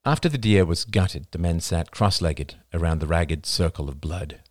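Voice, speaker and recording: Male narrator, deep voice, measured, dry close recording. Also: dry recording. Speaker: audiobook narrator. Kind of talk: scripted narration.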